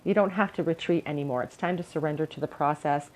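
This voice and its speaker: A woman's voice: low-pitched, quick pace, darkish tone, poor audio. A young woman giving an encouraging, earnest pick-a-card tarot reading to her viewers. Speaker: tarot reader.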